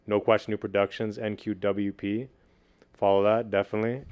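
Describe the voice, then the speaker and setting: Man, quick talker, low voice, smooth and clear, slangy casual podcast chat. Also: flat delivery, darkish tone. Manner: fast, loose talk full of "like", slangy. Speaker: podcast guest, video producer and beatmaker.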